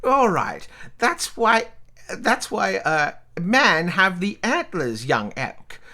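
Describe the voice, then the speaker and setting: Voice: medium pitch, sing-song, slow pace, pushed and bright, full character voice. A player doing a rambling elderly great-aunt. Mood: rambling fond. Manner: rambling, meandering storytelling.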